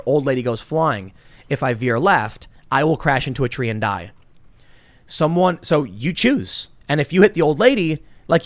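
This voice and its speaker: A man hosting a casual podcast discussion, talking in an animated way and acting out robot voices. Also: mid-range voice, dry recording. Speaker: podcast host.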